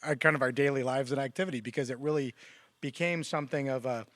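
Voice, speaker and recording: A man chatting casually on a church talk show, telling stories with animated quoted lines. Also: quick pace, dry recording. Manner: animated storyteller, quotes others with raised pitch. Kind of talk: casual conversation.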